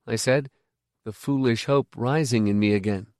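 A man narrating a first-person novel in a measured, reflective way. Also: medium pitch, a little mellow, dry recording, studio quality. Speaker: audiobook narrator.

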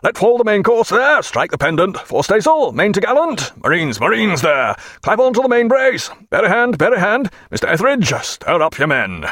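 A man's voice: on the high side, very animated, brisk, a bit bright, no room sound, clean studio sound. A man voicing a commanding naval captain who barks clipped orders to his crew. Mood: urgent commands.

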